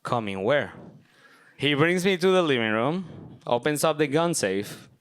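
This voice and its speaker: Young man, smooth resonant storytelling voice. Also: a little high, animated, normal speed. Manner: casual, self-mocking, filler-heavy. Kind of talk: live personal storytelling. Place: stage at a live event.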